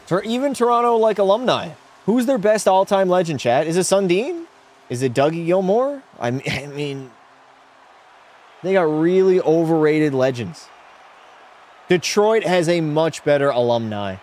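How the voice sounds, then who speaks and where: Lively in intonation and fairly high in pitch, a little mellow, this young man talks at normal speed while streaming a hockey video game from his home room. In casual chat he reads viewers' messages aloud and gives blunt, opinionated takes.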